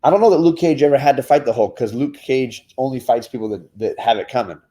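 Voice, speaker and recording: A man's voice: medium pitch, quick pace, mellow. A man hosting a casual show reviewing comic books with his kids, talking enthusiastically and often restarting his words. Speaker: comic book show host.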